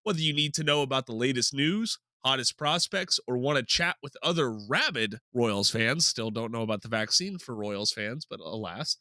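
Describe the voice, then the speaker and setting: A man's voice: mid-range voice, normal speed, hardly any pauses, no room sound. A man hosting a casual sports podcast, upbeat and jokey. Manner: upbeat, jokey, lively delivery. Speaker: podcast host.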